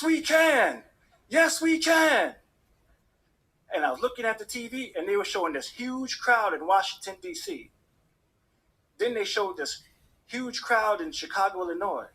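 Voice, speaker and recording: Brief: male storyteller, high and husky, lively swings in pitch. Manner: animated, acts out the voices of people in his story. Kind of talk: personal story told to an audience.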